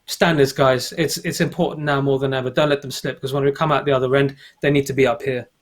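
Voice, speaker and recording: A man's voice: mid-range voice, level tone, quick pace. Firm motivational man on a panel. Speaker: panelist photographer. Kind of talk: livestream panel discussion.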